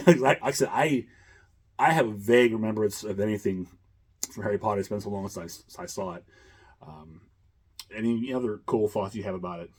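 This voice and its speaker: A man's voice: lowish voice, fairly quick, darkish tone, slightly rough. A man hosting a casual chat, rambling with many fillers and chuckles. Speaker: host.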